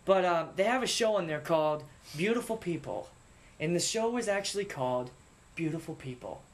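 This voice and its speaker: A man's voice: fairly high pitch, lively intonation, brisk. A young man hosting a casual podcast, joking and teasing with friends, often restarting his sentences. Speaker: podcast host.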